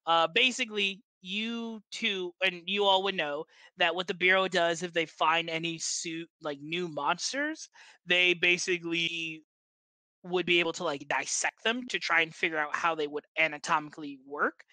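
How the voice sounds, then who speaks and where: A game master narrates a tabletop game with a loose, rambling flow full of pauses and restarts. The voice is bright and sits close in a dry recording. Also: medium pitch, fairly even intonation, no room sound. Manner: rambling, many fillers and restarts.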